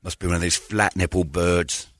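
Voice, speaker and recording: A man's voice: low-pitched, steady tone, moderate pace, no room sound. A man hosting a podcast, telling rambling comedic stories with frequent laughs and asides. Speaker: podcast host. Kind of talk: casual comedic storytelling.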